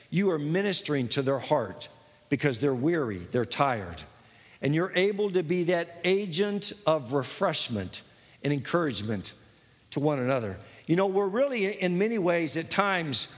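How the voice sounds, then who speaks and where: A man's voice: fairly high pitch, a bit bright. A man preaching a sermon, earnest and personal, telling his own story with many false starts. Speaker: pastor. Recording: long hall reverb.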